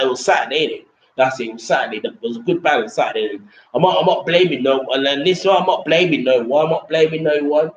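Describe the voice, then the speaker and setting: Rambling man in a roomy room. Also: on the high side. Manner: repetitive, restarts sentences often, casual swearing. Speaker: vlogger reviewing a trip. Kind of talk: rambling casual monologue. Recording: roomy, dull lo-fi sound with faint background noise.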